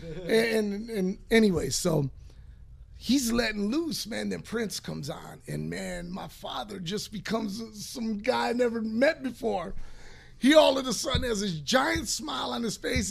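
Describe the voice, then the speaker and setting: A man in his fifties hosting a podcast, telling a long profane story in a rambling, animated way. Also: high-pitched, a little slow, vocal fry. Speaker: podcast host. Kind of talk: casual storytelling.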